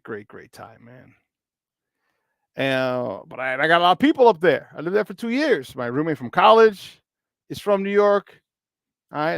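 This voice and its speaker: A man's voice: a little high, fairly bright tone, smooth, no echo, studio quality. A man in his fifties hosting a casual sports talk stream, greeting viewers in the chat, joking and laughing often. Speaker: sports talk show host.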